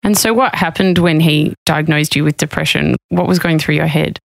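A woman podcast host asking gentle, probing questions in an interview. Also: low-pitched, moderate pace, vocal fry, no room sound, poor audio. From Australia.

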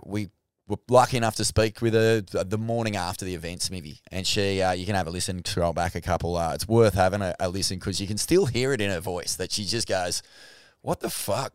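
A man with an Australian accent, co-hosting a podcast in casual surf talk, rambling and swearing excitably. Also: low-pitched, smooth, no echo, clean studio sound. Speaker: podcast co-host.

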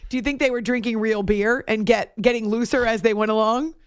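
A woman's voice: a little high, fairly even intonation, fairly quick, clear, resonant tone, no room sound, clean studio sound. Chatty self-deprecating radio host woman. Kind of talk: casual morning show chat.

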